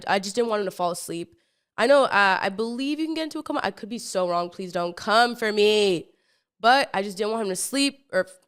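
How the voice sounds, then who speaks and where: A woman's voice: mid-range voice, clean tone. A young woman in her twenties hosting a podcast, telling a wild personal story in a casual, rambling way, full of stumbles, restarts and fillers, acting out what people said. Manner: animated, acts out what people said. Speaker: podcast host.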